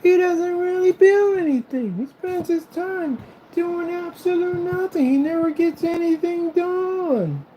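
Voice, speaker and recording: Brief: sneering nagging critic, squeaky and drawn out, a man's put-on voice. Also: lively intonation, a little slow, highs cut off, a little hiss or hum. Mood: mocking. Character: whiny mocking critic, high nasal complainer.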